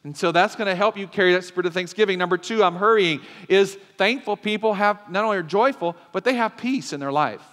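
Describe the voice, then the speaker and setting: A male pastor preaching in a church sanctuary in a fairly high voice. He is emphatic and keeps throwing questions to the congregation, while a long reverb carries through the hall. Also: quick pace, hardly any pauses, a bit bright. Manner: emphatic, call-and-response. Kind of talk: sermon.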